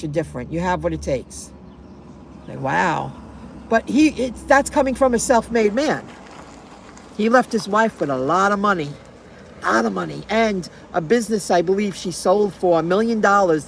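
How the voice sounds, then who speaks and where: A woman's voice: medium pitch, slight background noise. Rambling middle-aged woman streaming from her car. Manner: rambling, repeats phrases, answers viewer chat. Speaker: delivery driver live streamer. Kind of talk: casual live-stream chat. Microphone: phone.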